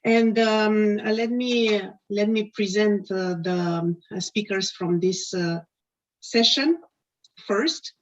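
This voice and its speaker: Halting woman hosting a video call. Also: mid-range voice. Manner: halting, many fillers and restarts. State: losing her voice. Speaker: conference host. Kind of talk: hesitant live introduction. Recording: dull lo-fi video call audio.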